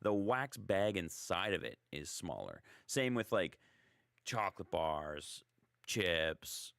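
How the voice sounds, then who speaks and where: A man's voice: low-pitched, big pitch swings, slow, gravelly, a bit bright, smooth, dry recording, clean studio sound. A man hosting a radio show in a casual, chatty, rambling way, joking at his own expense. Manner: chatty, rambling, self-deprecating. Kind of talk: casual talk radio chat.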